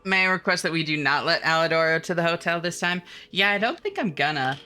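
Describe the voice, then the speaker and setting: A woman's voice: on the low side, animated, quick pace, sharp tone, faint music behind. A woman streaming a game live, chatting and laughing as she thanks and answers chat.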